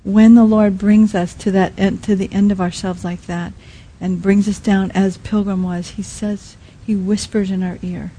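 A woman preaching a sermon in a soft, halting way, often dropping to a quiet hush. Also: mid-range voice, level tone, husky, low-quality recording. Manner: soft, halting, many restarts and fillers. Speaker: speaker at a Christian teaching.

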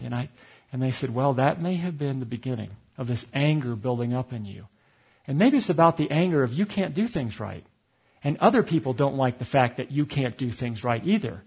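A middle-aged man from Connecticut delivers a sermon as a personal story, acting out the conversations he recounts. His voice sits a bit higher than most men's and carries a breathy, husky edge. The tone is candid and confessional. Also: a little mellow. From Connecticut, USA. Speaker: pastor.

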